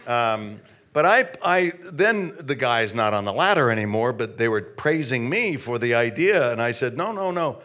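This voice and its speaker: A man's voice: medium pitch, animated, moderate pace, fairly bright tone. A man, a guest, telling an anecdote with stammering restarts and acted-out quotes. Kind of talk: anecdote storytelling.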